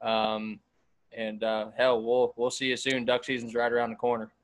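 Laid back podcast host guy, pretty flat even voice, chill sign-off vibe. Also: mid-range voice, moderate pace. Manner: relaxed, easygoing, thanking guests. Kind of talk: casual podcast chat.

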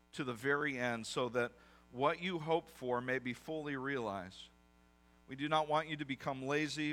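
A man's voice: mid-range voice, sharp tone. A man, a pastor with young kids, preaching a conversational sermon with self-deprecating asides.

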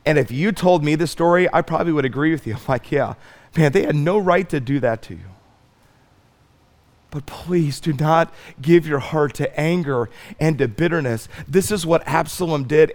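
A man preaching a sermon as pastor, swinging from loud stretched emphasis to soft pleading. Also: a little high. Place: church sanctuary.

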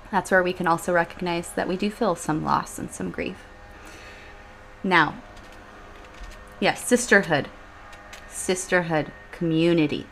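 A woman in her thirties hosting a personal podcast, talking candidly and emotionally with sighs and soft laughs. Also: fairly low pitch, slight background noise. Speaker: podcast host. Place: home room with leaf blower outside.

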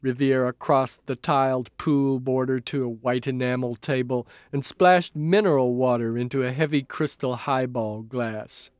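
A man narrating a novel as an audiobook in a measured, even reading. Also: mid-range voice, smooth, no room sound, clean studio sound. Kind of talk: scripted narration.

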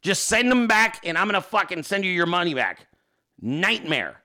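A man's voice: sits high, very animated, moderate pace, bright, forceful tone. A man hosting a casual livestream, reading viewer emails aloud and ranting with heavy profanity. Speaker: host.

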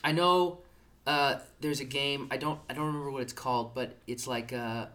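A man's voice: medium pitch, fairly even intonation, moderate pace, fairly bright tone. A young man co-hosting a casual podcast chat, joking and laughing often. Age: young adult. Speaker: podcast co-host.

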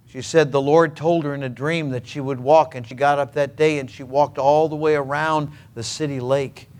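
A man from Minnesota preaching a sermon, telling stories earnestly and emphatically with dramatic pauses. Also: a little high, steady tone, a little mellow. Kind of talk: sermon storytelling.

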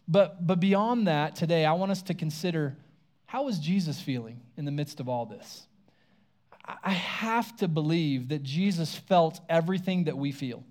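A pastor with a slightly higher-than-usual male voice delivers a sermon in a relaxed, talky manner. He retells scripture as if chatting with friends and briefly acts out the characters' words. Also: normal speed. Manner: casual conversational preaching, acts out quoted lines.

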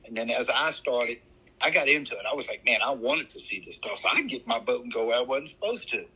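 A middle-aged Louisiana man with a bright, sharp edge to his voice and a husky rasp underneath. He tells stories in a folksy, animated way, leaning hard on his words. He sounds like a casual podcast chat. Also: mid-range voice, lo-fi sound. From Louisiana, USA. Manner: animated, folksy storyteller with drawn-out emphasis. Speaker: podcast co-host.

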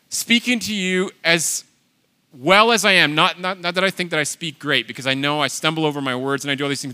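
A man preaching a sermon, animated and emphatic, swinging between loud exhortation and quiet asides. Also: high voice. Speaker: pastor.

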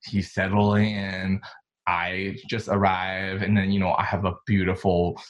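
Chatty young man from China, low voice. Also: a little slow, dull audio. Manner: animated, chatty, lots of "like" fillers. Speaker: interview guest, designer. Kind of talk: casual interview storytelling.

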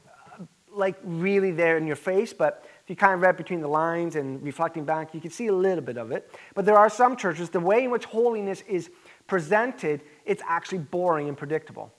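A pastor preaching a sermon in an earnest, emphatic way, with conversational asides. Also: male voice, high-pitched.

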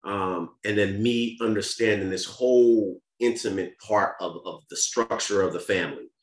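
As a podcast guest, a man with a lowish voice at normal speed tells a candid family story in an earnest, casual manner, often restarting and repeating words. The room gives a noticeable echo.

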